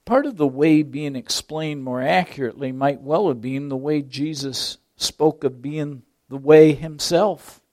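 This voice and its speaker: A man preaching a sermon with slow, deliberate phrasing, dropping to near whispers and then rising to loud emphasis on key words. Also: a little high.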